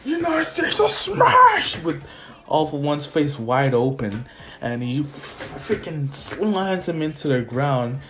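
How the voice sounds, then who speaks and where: Rambling young man telling a story. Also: medium pitch. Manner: rambling, halting with fillers. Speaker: fan storyteller. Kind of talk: casual storytelling. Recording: soft lofi music under.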